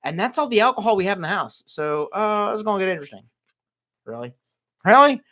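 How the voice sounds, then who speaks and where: A man's voice: high-pitched, sing-song, fast talker, a bit bright, dry recording. A man hosting a casual livestream, reading viewer comments aloud and answering in a crude, sarcastic rant. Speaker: livestream host reading chat.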